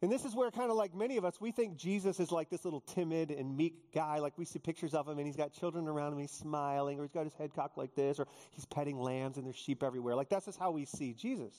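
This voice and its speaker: Man, pastor, high voice, jokey sermon, acts out quotes, long hall echo. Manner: joking, animated storytelling with acted-out quotes.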